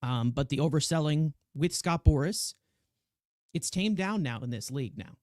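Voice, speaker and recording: A man co-hosting a casual sports podcast, animated and rambling with many restarts. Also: fairly high pitch, moderate pace, dry recording, studio quality. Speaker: podcast co-host.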